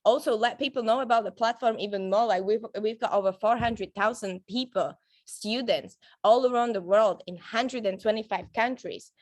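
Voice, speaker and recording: A slightly high-pitched woman speaks at normal speed with hardly any pauses, and there's no echo. She's a network marketing trainer giving her team a chatty, upbeat talk, full of laughs, fillers, and restarts.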